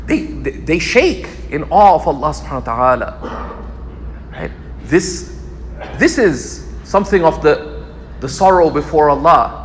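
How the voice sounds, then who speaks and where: A man teaching a religious lecture, expressive and repeating key phrases for emphasis. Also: on the high side, measured pace, long pauses, big-room sound, a little hiss or hum. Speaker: Islamic scholar teaching. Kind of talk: lecture sermon.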